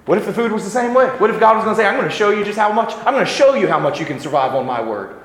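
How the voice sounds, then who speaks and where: A man preaching a sermon, moving from quiet reflective passages to loud, emphatic ones. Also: high-pitched, animated, rapid-fire. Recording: echoey hall reverb.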